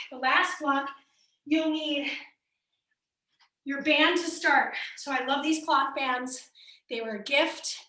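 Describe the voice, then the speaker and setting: A woman's voice: high-pitched, pushed and bright. A woman leading a live online fitness class, counting reps and coaching form in an upbeat way. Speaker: fitness instructor. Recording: echoey room, mic at a distance.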